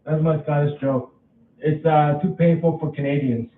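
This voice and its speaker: A man's voice: a little high, fairly even intonation, recorded from a distance, slight background noise. Rambling man on a tinny, echoey mic. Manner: rambling, repeats himself, halting restarts. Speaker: vlogger. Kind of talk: casual rambling vlog.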